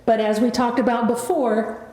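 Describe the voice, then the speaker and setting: In an echoey room with faint background noise, a woman trains her dog, chatting casually and giving short, patient, coaxing commands as she shows off its tricks. Her voice is a little high and mellow, with a steady tone and normal speed.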